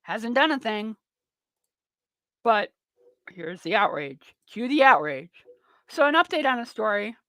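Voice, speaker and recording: Woman radio host, sarcastic ranting monologue, fairly high voice, dry studio sound. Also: very animated, measured pace, long pauses, fairly bright tone, dry recording. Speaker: radio talk show host. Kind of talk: political talk radio monologue.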